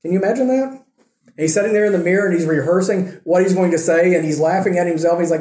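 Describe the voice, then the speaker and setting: A man's voice: high voice, fast, darkish tone. Conversational male preacher, echoey room. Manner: conversational storytelling with rhetorical questions. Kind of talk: sermon.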